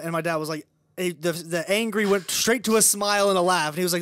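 A man's voice: sits high, fairly bright tone, clear, resonant tone, no echo, studio quality. A young man telling rambling anecdotes about his dad in a casual podcast chat. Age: young adult. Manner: rapid, rambling anecdotes full of fillers. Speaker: guest, comedian's son.

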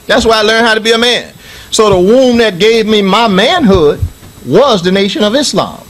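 A man's voice: sits high, animated, moderate pace, fairly bright tone, poor audio. A middle-aged man from the United States giving a Friday sermon as imam in a mosque, preaching emphatically with repetition and reciting Arabic scripture.

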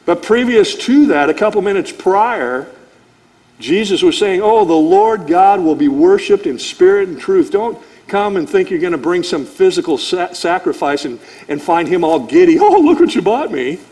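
A male pastor with a fairly high voice teaches through scripture verse by verse. He talks to the congregation conversationally and slips into short acted-out lines of dialogue. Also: normal speed. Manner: animated, acts out God's voice and conversational asides.

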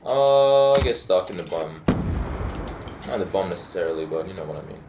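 A young man doing live video game commentary, trash-talking, swearing and breaking into yells. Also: low voice, expressive, normal speed, vocal fry, noisy background. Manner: foul-mouthed trash talk, bursts of yelling. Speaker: gaming commentator. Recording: roomy sound with game gunfire. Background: video game gunfire.

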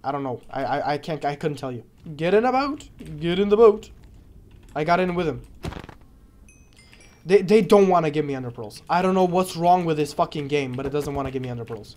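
High-voiced excitable gamer guy. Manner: excitable, swears and yells at the game, trash-talks it; rambling, repeats himself and stumbles over words. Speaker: gaming video creator. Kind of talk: live gameplay commentary.

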